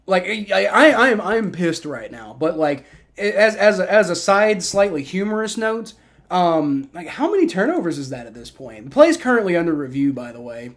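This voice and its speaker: Male streamer, high voice, rowdy live play-by-play reactor who talks to chat. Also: moderate pace. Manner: excitable, swears and shouts at bad plays, chats with viewers. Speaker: livestream host.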